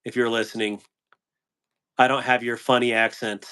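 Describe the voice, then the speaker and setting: A man's voice: mid-range voice, level tone, moderate pace, pushed and bright, clean tone. Man rambling through corny dad jokes. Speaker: live stream host. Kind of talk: casual live stream chat.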